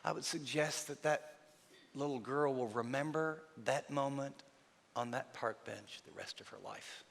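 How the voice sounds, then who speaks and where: A man preaching a sermon as a pastor, speaking emphatically and then dropping to a near-hush for emphasis. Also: medium pitch, a little slow, vocal fry. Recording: reverberant hall.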